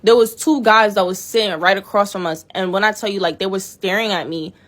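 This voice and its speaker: A young woman tells stories in a casual storytime vlog, her medium-pitched voice steady, a bit bright and a little fast. Her storytelling is blunt, profane and exasperated.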